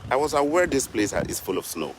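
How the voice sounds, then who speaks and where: A man's voice: medium pitch, big pitch swings, fairly quick, noisy background. A young man from Africa talking casually and earnestly to his viewers in a vlog, repeating his points like a preacher. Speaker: vlogger. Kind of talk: casual vlog talk to camera.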